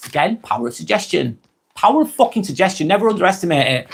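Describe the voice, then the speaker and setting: A blunt man hosts a live vlog, speaking expressively and swearing as he reads and responds to viewer comments. His voice sits on the higher side for a man. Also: quick pace, vocal fry, slightly rough. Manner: blunt and expressive, swears freely, acts out quoted abusers. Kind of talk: live stream talk reading chat comments.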